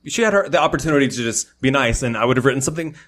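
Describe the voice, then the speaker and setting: A man, a podcast guest, telling a story in casual chat, animated and acting out what people said. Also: medium pitch, very fast. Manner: animated storyteller, acts out quotes.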